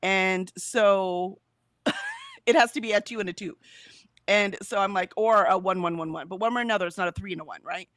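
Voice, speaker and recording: With a mid-range voice whose pitch swoops wildly, a woman speaks at normal speed in a fairly bright tone, with no echo. She co-hosts a relaxed productivity stream, reading the live chat aloud and laughing often.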